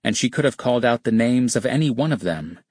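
A man reading nonfiction as an audiobook narrator, with measured, even storytelling. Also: mid-range voice, dry recording, clean studio sound. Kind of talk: scripted narration.

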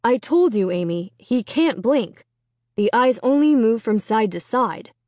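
A woman voicing a father who explains calmly and mutters sternly when annoyed. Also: on the high side, a little slow, no room sound, clean studio sound. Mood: calm explaining. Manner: calm, then muttering and stern. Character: patient grown man, a father, easily annoyed.

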